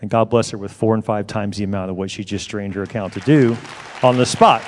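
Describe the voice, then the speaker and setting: A man's voice: fairly low pitch, flat delivery, quick pace, a little mellow, some chatter behind, a little hiss or hum. A middle-aged male pastor preaching a sermon in an emphatic, conversational storytelling manner. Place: church sanctuary. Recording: long reverb of a large hall.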